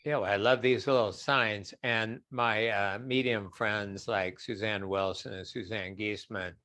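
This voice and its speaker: A man's voice: on the low side, steady tone, measured pace, sharp tone, no room sound. A man speaking as a guest in an online question-and-answer session, chatty, sometimes acting out voices in quotes. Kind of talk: online webinar Q&A.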